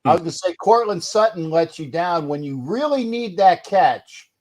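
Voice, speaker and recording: A man's voice: sits high, expressive, moderate pace, a crowd in the background. A man co-hosting a casual sports chat, joking and teasing the others. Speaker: podcast co-host.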